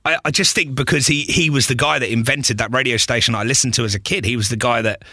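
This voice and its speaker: Radio guy, bright forceful voice, dry close sound, animated storyteller who laughs a lot. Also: medium pitch, fast talker, dry recording. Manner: animated, laughs often, acts out quotes. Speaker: radio presenter, podcast guest. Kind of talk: casual interview storytelling.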